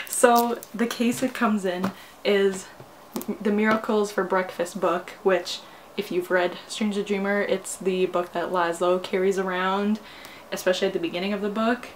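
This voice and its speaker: A woman's voice: mid-range voice, fairly even intonation, normal speed, noisy background. A young woman vlogging a book unboxing, gushing and giggling, repeating exclamations and sometimes dropping almost to a whisper. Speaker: booktuber. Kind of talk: excited unboxing vlog.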